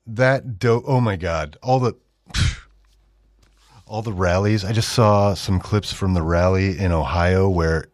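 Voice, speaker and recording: A man's voice: on the low side, a little mellow, no room sound, clean studio sound. A middle-aged man hosting a radio show, giving sarcastic commentary and mocking the texts he reads aloud. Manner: sardonic, mocking, with exaggerated read-aloud quotes. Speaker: radio host.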